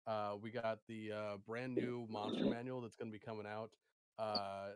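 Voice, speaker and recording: A man co-hosting a casual podcast and game master, talking in a relaxed way with many fillers. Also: lowish voice, normal speed, clear, resonant tone, no room sound. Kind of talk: casual chat about tabletop games.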